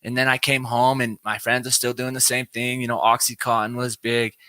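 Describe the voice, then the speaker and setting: A man in his thirties talks loosely and at length, leaning on filler phrases as he recounts his past. His voice is bright and forceful. The sound is dry and close, with no room echo. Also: medium pitch, brisk. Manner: relaxed, rambling, says "you know what I mean" a lot. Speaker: podcast co-host sharing his recovery story. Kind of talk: casual conversation.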